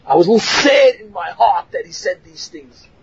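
A rabbi teaching a class delivers a story-filled Torah lecture in a high, husky male voice at normal speed. He acts out every quote with lively energy and laughs often, though the recording sounds dull and lo-fi.

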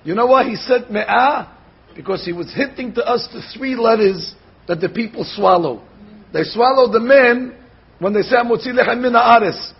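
A man giving a Torah class as a rabbi, animated, slowly sounding out words to show how they should be said. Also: very high-pitched, slightly rough. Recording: dull lo-fi recording.

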